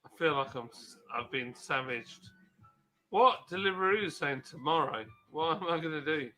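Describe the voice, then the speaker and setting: A man from southern England, a guest in a casual chat, telling stories in an animated way. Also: fairly high pitch, normal speed, poor audio.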